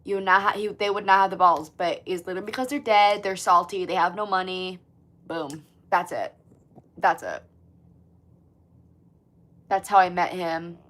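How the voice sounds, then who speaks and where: Woman, 20s, livestream host. Casual, profane, animated chat with viewers. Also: on the low side, normal speed, pauses often. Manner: chatty, swears often, lots of "like", animated.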